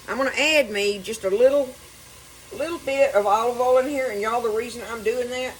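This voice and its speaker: Southern woman host, folksy home-cook demo, mid-pitched, sizzling pan clearly audible behind her. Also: slight background noise. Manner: folksy, chatty, addresses viewers as y'all. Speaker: cooking show host. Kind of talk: home cooking demonstration. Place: home kitchen with food sizzling.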